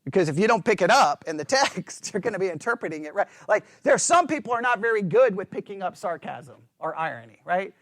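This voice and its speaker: Male Bible study teacher with a high, animated voice and a dry close sound. He keeps checking in with his class and teases with self-mocking sarcasm. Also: a little fast, hardly any pauses, no echo. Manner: animated, checks in constantly with "right?".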